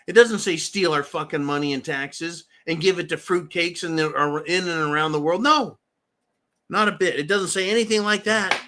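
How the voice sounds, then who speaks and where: A man's voice: on the high side, bright, forceful tone. A middle-aged man hosting a show, delivering a combative, profane political rant. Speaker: host. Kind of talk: political commentary monologue.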